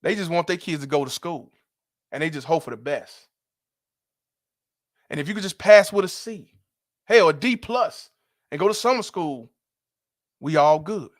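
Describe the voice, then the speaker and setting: A man's voice: fairly high pitch, lively intonation, normal speed, pauses often. A middle-aged man hosting a livestream, ranting in a blunt, profane and emphatic way. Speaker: host. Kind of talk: livestream commentary rant.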